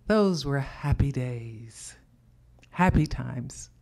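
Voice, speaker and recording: A woman from telling a personal story in a measured, heartfelt way. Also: a bass voice, expressive, gravelly, darkish tone. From Louisiana.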